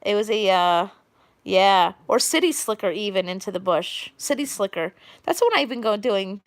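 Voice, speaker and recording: A woman's voice: medium pitch, expressive, normal speed, no room sound. A woman with a Long Island New York accent hosting a casual live stream, rambling and chatty as she greets viewers by name.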